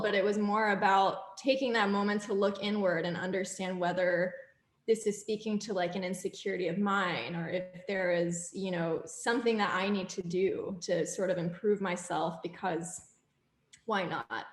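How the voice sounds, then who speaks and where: A woman panelist on a video call, talking in an earnest, reflective way. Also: medium pitch. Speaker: panelist, biomedical researcher. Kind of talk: casual panel talk. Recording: roomy webinar audio.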